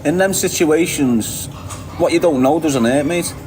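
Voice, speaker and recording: A man's voice: fairly high pitch, measured pace, background noise. Blunt, swearing Liverpool man. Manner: blunt, heavy swearing, frequent laughter. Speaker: livestream host. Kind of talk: casual livestream chat reading viewer comments.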